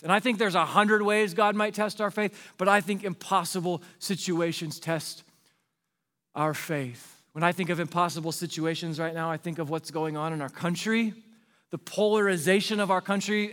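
A man's voice: high voice, a bit bright, big-room sound. A male pastor preaching a sermon in an earnest, pleading way, repeating rhetorical questions to the congregation.

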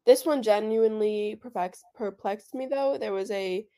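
A woman's voice: medium pitch, normal speed, dark tone. A woman who is a podcast guest, chatting casually about a movie and pointing out plot holes, with frequent "like" fillers.

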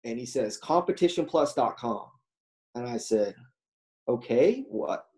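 Male interview guest, mellow tone, loose storyteller who voices the other people in his story. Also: medium pitch, expressive, unhurried, low-quality recording. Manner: rambling, many fillers, acts out quoted dialogue. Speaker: guest telling a racing story. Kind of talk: casual storytelling.

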